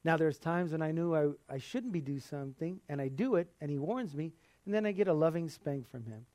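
A man preaching an earnest sermon in a conversational voice that sits a little high. He laughs now and then. The sound is dry and close, with no room echo. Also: a little fast, darkish tone.

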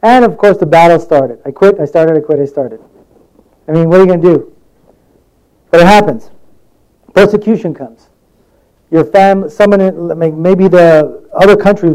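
A man delivers a sermon in a loose, conversational way, his voice a little higher than most men's and mellow in tone. He tells stories from his own life and slips into the voices of the people in them. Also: rough recording. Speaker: preacher.

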